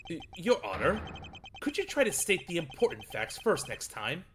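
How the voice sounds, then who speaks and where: A man's voice: a little high, huge pitch swings, a bit bright, soft background music. A man doing a cool, precise prosecutor. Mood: measured. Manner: measured, formal and deliberate reasoning. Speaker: fan dub voice actor. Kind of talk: amateur game dub reading.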